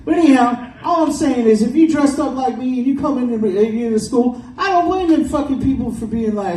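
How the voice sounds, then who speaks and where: A man's voice: very high-pitched, expressive, fairly quick, few pauses, warm tone, roomy sound, recorded from a distance, poor audio. A man doing a crude, rambling stand-up set at a small bar open mic. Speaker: stand-up comedian. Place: small bar comedy stage.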